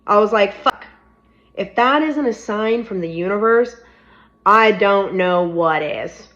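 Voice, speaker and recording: A woman's voice: mid-range voice, expressive, takes it slowly, fairly bright tone. Frank young woman, slightly muffled audio. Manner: candid, frank, upbeat. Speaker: startup founder. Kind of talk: casual storytime to camera.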